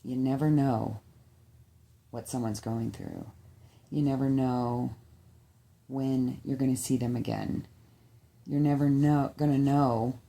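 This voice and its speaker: A woman speaking to her viewers in a heartfelt personal vlog, her voice gravelly with heavy fry. Her tone is dark and mellow. She pleads and repeats her appeals, emotional and close to tears. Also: extremely low pitch, fairly even intonation, slow pace, long pauses. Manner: heartfelt, pleading, repetitive exhortations. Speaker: vlogger.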